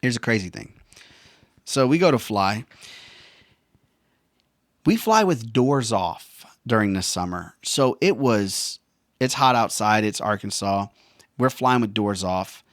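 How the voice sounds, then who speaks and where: A man's voice: fairly low pitch, expressive, takes it slowly, long pauses, dry recording, studio quality. A veteran man telling a personal story in a casual, slangy way, often saying bro and man. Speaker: veteran vlogger.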